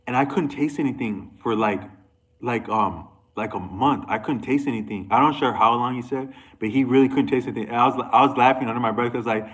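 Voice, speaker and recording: A man's voice: mid-range voice, fast, fairly bright tone, slight background noise, poor audio. A man talking to camera in a loose, rambling monologue, restarting sentences and going off on asides. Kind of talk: casual monologue.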